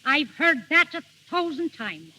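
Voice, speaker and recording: A stern mother in a 1930s radio drama, sharp-tongued and sure she knows best. Her voice is high and tense. The old broadcast rings with a long reverb. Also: sing-song, measured pace, heavily acted. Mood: scolding. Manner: sharp, scolding. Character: stern bossy mother, scolding.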